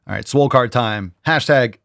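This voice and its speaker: A man's voice: mid-range voice, normal speed, vocal fry, fairly bright tone, no echo, clean studio sound. A man hosting a fitness talk show, ranting crudely and heatedly with sarcastic mimicry. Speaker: host. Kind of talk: profane ranting commentary.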